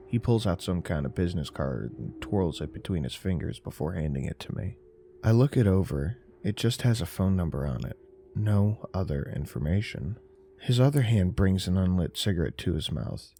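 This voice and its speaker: A man narrating a horror story in a slow, measured, deadpan way. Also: low-pitched. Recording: narration over faint music.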